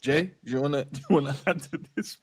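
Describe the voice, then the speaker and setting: A man's voice: a little high, fast talker, husky. A man hosting a casual podcast chat, amused and teasing as he passes questions to the others.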